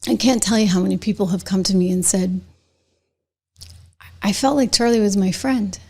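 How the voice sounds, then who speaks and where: A middle-aged woman hosts her own political commentary show, speaking directly to her viewers. Her voice sits at a middle pitch, and she turns indignant and emphatic, leaning hard on her points. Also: dark tone. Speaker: show host.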